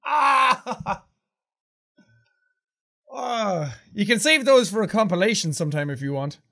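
Bright energetic man with shouted intros. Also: sits high, measured pace. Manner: energetic, loud shouted intros, laughs often. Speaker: video game channel host. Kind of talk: recording video intros and outtakes. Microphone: studio mic with pop filter.

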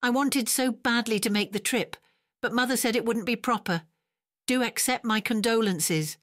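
A woman's voice: deep voice, animated, fairly quick, dry recording, studio quality. A woman voicing a cold young noblewoman who sounds polite but insincere, in a storybook reading.

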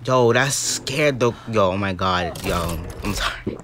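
A man's voice: low-pitched, animated, a little slow, noisy background. A young man giving dramatic, easily startled commentary on a mobile game as he plays. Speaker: gaming YouTuber.

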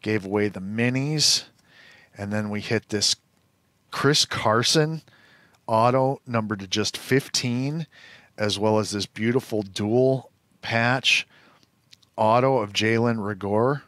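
A man's voice: on the low side, takes it slowly, a bit bright, dry recording. A man co-hosting a live trading card show, reading out card pulls in an upbeat, casual way. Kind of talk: live card box break chat.

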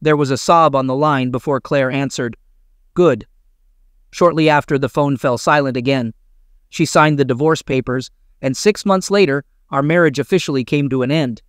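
A man reading a first-person story aloud as a narrator, in a steady, even storytelling manner, on a close mic. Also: mid-range voice, moderate pace, clean tone, dry recording.

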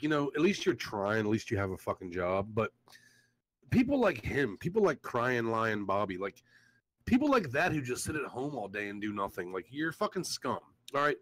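A man's voice: medium pitch, fairly bright tone, no echo, poor audio. A man hosts a loose livestream chat and tells his stories as a rant full of swearing. His voice climbs and drops all over the place as he goes. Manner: profane, ranting storyteller. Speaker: show host.

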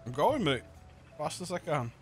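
A young-sounding man gaming with friends, his pitch leaping wildly as he laughs and yells. Faint music plays underneath. He calls everyone mate. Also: big pitch swings, moderate pace. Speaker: player. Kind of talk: casual gaming banter.

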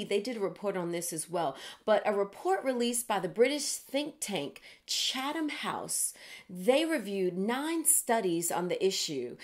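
A middle-aged woman hosts a news show in a loose, chatty way. She drifts into animated asides and laughs at herself between stories. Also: mid-range voice. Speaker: host. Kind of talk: casual news commentary.

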